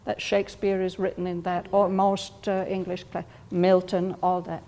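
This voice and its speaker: A woman leading a study group, speaking slowly and thoughtfully as she explains ideas to the others. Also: lowish voice, flat delivery, big-room sound. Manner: slow, thoughtful, gently explaining. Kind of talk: reflective group discussion.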